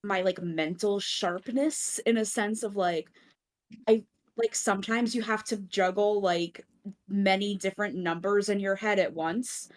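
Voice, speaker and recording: A woman's voice: mid-range voice, steady tone, measured pace. A woman chatting casually on an online voice call, rambling with many fillers and poking fun at herself. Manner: rambling, lots of "like" fillers, self-deprecating. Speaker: community member, regular. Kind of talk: casual group chat on a voice call. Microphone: computer mic on an online voice call.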